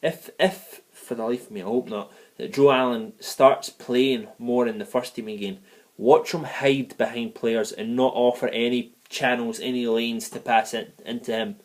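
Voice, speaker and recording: A man in the United States rants about a football match on his fan vlog, heated, profane and digressive. His voice is medium in pitch with a steady tone and moderate pace.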